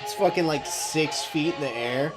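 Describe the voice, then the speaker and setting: A man's voice: fairly high pitch, normal speed. A man co-hosting a podcast, chatting casually and bluntly with lots of swearing while reviewing a movie. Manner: profane, blunt and mocking. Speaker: podcast co-host. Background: movie soundtrack and music.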